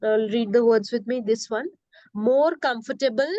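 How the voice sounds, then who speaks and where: A woman's voice: a little high, level tone, fairly quick, mellow, dry recording, muffled recording. A woman teaching English grammar, patiently repeating words and checking understanding, mixing in Hindi. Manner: patient, repetitive, often checks "okay?" and slips into Hindi. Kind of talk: classroom lesson.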